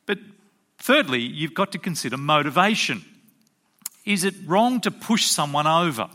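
A man delivers a sermon from the pulpit, his voice bright and forceful. His pitch sits a little high and swings widely as he presses his congregation with rhetorical questions. He is emphatic and teacherly throughout. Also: very animated, normal speed. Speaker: pastor.

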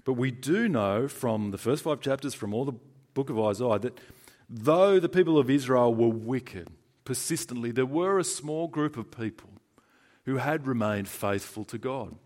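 A man's voice: medium pitch, normal speed. Australian man preaching conversationally. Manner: conversational and emphatic, swinging between loud and hushed. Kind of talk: sermon.

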